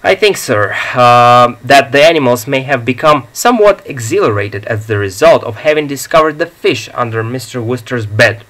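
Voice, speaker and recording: A man voicing a calm, deferential male valet in an audiobook, speaking low and quietly. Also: normal speed, few pauses, lightly acted. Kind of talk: audiobook reading.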